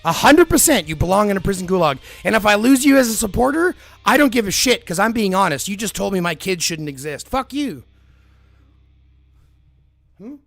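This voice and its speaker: High-voiced man streamer, blunt and profane. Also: expressive, moderate pace, vocal fry, fairly bright tone, faint music behind. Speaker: live streamer. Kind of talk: live-stream chat, answering viewer comments.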